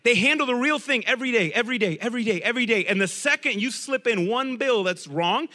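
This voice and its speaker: High, bright-voiced preacher man in a hall. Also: fast, hardly any pauses. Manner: lively, joking asides, repeats key phrases. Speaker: pastor. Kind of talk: sermon.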